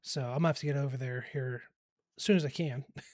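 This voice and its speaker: A man's voice: medium pitch, steady tone, fast, darkish tone, no room sound, studio quality. A man around forty co-hosting a podcast, rambling easily in casual chat and laughing often. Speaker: podcast co-host.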